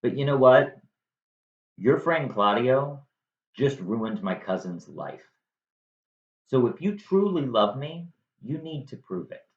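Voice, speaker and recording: A man voicing a sharp-tongued, loyal young woman in an earnest, persuasive way. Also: mid-range voice, very animated, slow pace, pauses often. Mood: insistent. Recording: dull echoey room recording.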